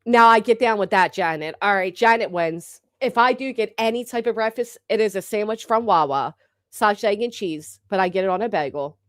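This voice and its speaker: Brief: thirties woman, live-stream host, mid-pitched, brash and chatty, swears, teases the chat; close, dry recording. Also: fairly quick, dry recording. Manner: brash, chatty, swears freely, teasing viewers. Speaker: livestream host. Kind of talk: casual live-chat banter.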